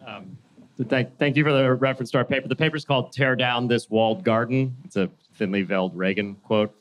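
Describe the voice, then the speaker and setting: A man on a conference panel lays out his case deliberately, building argument on argument. His pitch sits in an ordinary middle range, and he restarts a phrase now and then. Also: fairly even intonation. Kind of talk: panel discussion.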